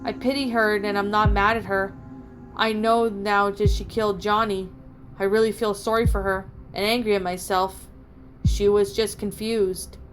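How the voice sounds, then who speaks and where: A woman's voice: medium pitch, little pitch movement, moderate pace. A woman reading a first-person horror story aloud as a channel host, in a dramatic storytelling manner. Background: background music.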